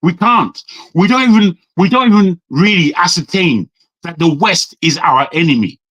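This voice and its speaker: A man's voice: sits high, animated, normal speed, a bit bright, no room sound, lo-fi sound. A man from Nigeria ranting in a live online debate, exasperated, swearing and repeating himself for emphasis. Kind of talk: heated debate rant.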